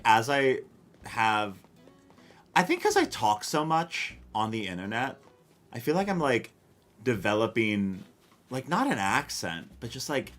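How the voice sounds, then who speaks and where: A man's voice: lowish voice, a bit bright. A man live-streaming a cozy game, chatting casually and answering chat in a rambling, self-questioning, wry way with casual swearing. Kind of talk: casual gameplay chat, reading chat.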